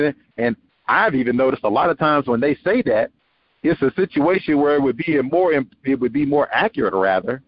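A man's voice: medium pitch, expressive, brisk. A man hosting a radio talk show, musing in a rambling way and breaking into quoted voices with small laughs. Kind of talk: conversational call-in radio commentary. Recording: muffled radio broadcast with faint noise.

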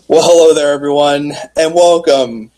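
A man's voice: a little high, fairly even intonation, normal speed, a little mellow, low-quality recording. A man co-hosting a wrestling podcast in a joking, easygoing chat. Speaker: podcast co-host.

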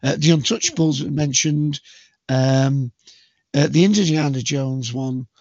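A man's voice: on the high side, measured pace, a little mellow, dry recording, lo-fi sound. A man co-hosting a podcast, chatting casually in a rambling, hesitant way with many fillers. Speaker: podcast co-host. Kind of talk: casual chat.

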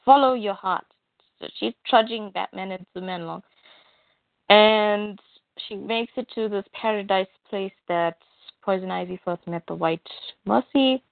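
A woman's voice: medium pitch, measured pace, gravelly, no room sound. A woman casually retelling a comic book story, chatty and conversational. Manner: chatty, retells scenes with "she's like". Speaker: comic reader and narrator. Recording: tinny phone-like dry sound.

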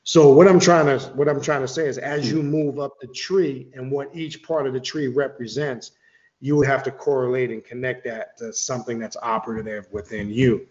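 A man's voice: mid-range voice, steady tone, moderate pace, a little mellow, reverberant. Rambling, swearing man on a lo-fi line. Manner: rambling, profane, with restarts. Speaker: occult author guest. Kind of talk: casual explanatory talk.

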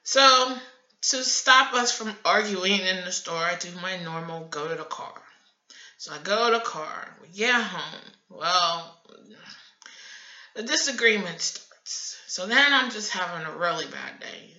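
Middle-aged woman host, candid and animated, bright tone, in an echoey room. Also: lowish voice, measured pace. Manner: open, confessional, animated storytelling. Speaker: host of a faith broadcast. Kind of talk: candid personal sharing. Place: at home in front of her computer. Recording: echoey room, muffled lo-fi audio.

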